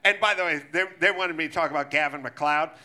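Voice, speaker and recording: High, bright-voiced ranting man. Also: quick pace. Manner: profane, ranting, animated. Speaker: podcast host. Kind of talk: live comedy podcast rant.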